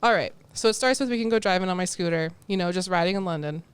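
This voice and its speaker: A woman's voice: fairly low pitch, quick pace, smooth. A young American woman co-hosting a podcast, chatting casually and laughing often. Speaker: podcast co-host. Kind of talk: casual chat.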